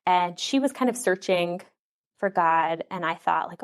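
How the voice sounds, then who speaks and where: A woman's voice: on the low side, moderate pace. A woman in her thirties, a guest in a casual interview, who talks chattily, laughs often and acts out what others said. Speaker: podcast guest.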